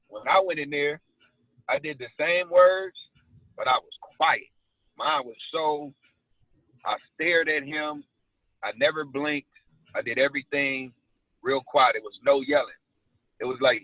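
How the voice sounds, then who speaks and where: A man's voice: mid-range voice, moderate pace, dry recording. Man, casual slangy storyteller, thin phone-like sound, dry. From South Side Chicago. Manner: animated storytelling with street slang. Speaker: actor guest. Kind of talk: casual interview chat.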